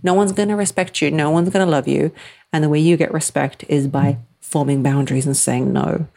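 A podcast host in her thirties answers listener questions with blunt, emphatic relationship advice, acting out the people she quotes. Her voice is low, gravelly, and dark, brisk with fairly even intonation.

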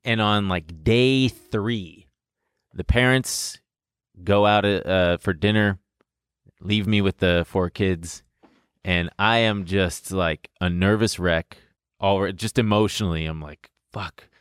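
A young man casually telling a story in an animated way, laughing and swearing as he goes. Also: sits low, takes it slowly, clear, resonant tone, no echo, clean studio sound.

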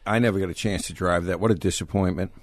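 A man's voice: deep voice, fairly even intonation, quick pace, dry recording. A man co-hosting a casual podcast, tossing in dry, teasing remarks. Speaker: podcast co-host. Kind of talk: casual chat.

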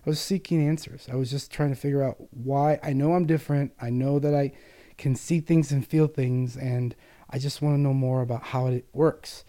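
Guest: man, psychic medium, warm mellow tone, earnest storyteller who acts out the voices in his stories. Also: medium pitch, steady tone, moderate pace. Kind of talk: personal storytelling in an interview.

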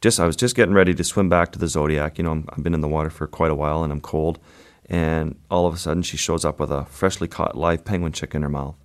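A man, a wildlife photographer, telling a vivid story at an unhurried pace in an interview. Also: extremely low pitch, fairly even intonation.

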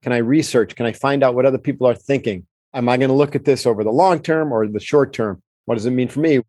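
Measured man coaching calmly, dry sound. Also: medium pitch, no echo. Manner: measured, coaching tone, acts out quoted lines. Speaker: podcast host answering listener questions. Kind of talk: calm explanatory advice talk.

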